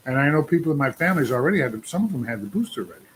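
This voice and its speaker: A man's voice: mid-range voice, sing-song, racing, slight background noise. A man in his sixties venting on a casual livestream, rambling and putting questions to his viewers. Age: 60s. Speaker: trucker livestream host.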